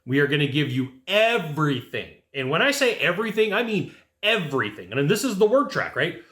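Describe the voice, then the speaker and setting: A man in a casual sales-coaching talk, his voice sitting a little high for a man. He speaks in a loose, conversational way and acts out the lines to use with a customer. The sound bounces around a roomy, echoey space. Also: big pitch swings, fairly quick, fairly bright tone. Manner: conversational, acts out sales scripts, tags points with "right?" and "okay?". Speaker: sales trainer for HVAC technicians. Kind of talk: casual instructional talk to camera.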